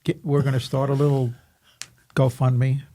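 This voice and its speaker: A man's voice: medium pitch, little pitch movement, normal speed, warm tone. A man on a podcast making dry, teasing jokes in casual chat.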